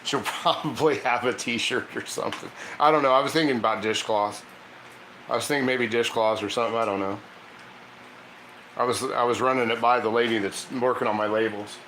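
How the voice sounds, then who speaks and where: A man's voice: medium pitch, fairly even intonation, brisk, sharp tone, roomy sound, a little hiss or hum, rough recording. A man hosting a casual cooking stream, chatty and laughing often as he coaxes his dog through tricks. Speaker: cooking channel host. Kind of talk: casual live cooking chat.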